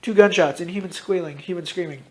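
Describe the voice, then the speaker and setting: A man casually reading out his own story, dropping into loud voices for its characters. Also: high voice, fast. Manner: switches into loud shouted character lines, swears freely.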